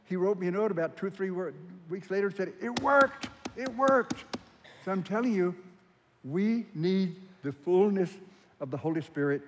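A man delivers a sermon in a fairly high voice, earnest and emphatic, drawing out the words he wants to land. His voice rings out with a long reverb, as in a large hall. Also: dark tone, a little hiss or hum. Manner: earnest and emphatic, drawn-out stressed phrases. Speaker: preacher.

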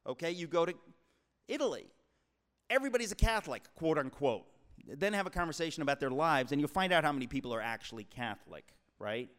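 A sixty-something author from the New York tri-state area addresses a live audience in an emphatic, sermon-like style, calling them "folks." Expressive and quick, his slightly bright voice runs a little higher than most men's, echoing with long large-hall reverb.

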